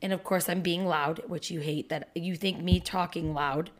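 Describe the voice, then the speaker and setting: A woman in her thirties co-hosting a casual podcast, telling a story loudly and animatedly, swearing often. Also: on the low side, moderate pace. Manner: loud, profane, animated storytelling. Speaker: podcast co-host. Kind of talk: casual couple podcast chat.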